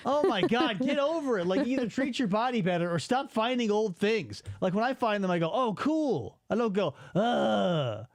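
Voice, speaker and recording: A man in his forties hosting a casual podcast, ranting in an exasperated, animated way and swearing freely. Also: sits high, fairly quick, hardly any pauses, no room sound, clean studio sound. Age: 40s. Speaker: podcast host.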